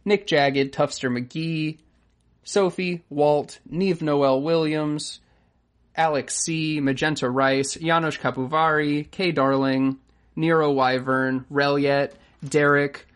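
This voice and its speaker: A podcast co-host chatting casually, joking dryly and quickly reading out a long list of supporters' names. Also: mid-range voice, fairly even intonation.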